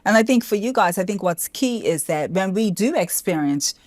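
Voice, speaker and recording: A woman relationship coach hosting a talk show, gently guiding her guests with questions. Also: mid-range voice, expressive, moderate pace, dry recording. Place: television studio.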